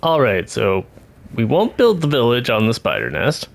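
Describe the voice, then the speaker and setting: A man's voice: mid-range voice, huge pitch swings, moderate pace, vocal fry. A man streaming a video game, chatting casually and joking at himself. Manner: chatty, self-deprecating, laughs at himself. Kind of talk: casual gameplay commentary.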